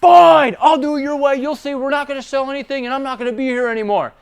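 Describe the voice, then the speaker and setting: A man voicing an angry former military salesman who shouts stubbornly and defiantly. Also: extremely high pitch, fairly even intonation, fast, voice pushed up.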